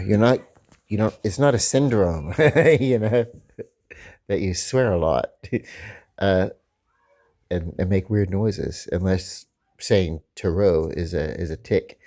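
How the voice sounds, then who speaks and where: A man's voice: sits low, expressive, slow, long pauses, dark tone. A man with a Southern accent, rambling casually through a video, full of fillers and restarts. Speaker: comic book vlogger.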